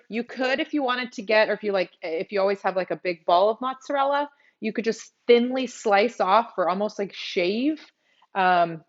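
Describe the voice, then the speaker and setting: A woman's voice: mid-range voice, muffled recording. Chatty Texan woman cooking live. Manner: casual, chatty, thinks aloud while working. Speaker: cooking show host. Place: home kitchen.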